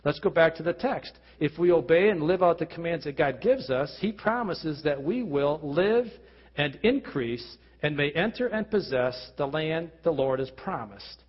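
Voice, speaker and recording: Husky male pastor preaching in a reverberant hall. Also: fairly high pitch, expressive, moderate pace. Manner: earnest preaching with frequent restarts and rhetorical questions. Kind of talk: sermon. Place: church hall. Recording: lo-fi recording with long hall reverb.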